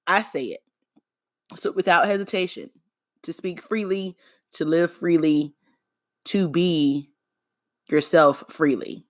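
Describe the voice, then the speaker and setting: A woman's voice: fairly low pitch, fairly bright tone, dry recording, clean studio sound. A woman hosting her own podcast, talking alone in a playful, sarcastic, chatty way. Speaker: podcast host. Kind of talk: casual solo podcast monologue.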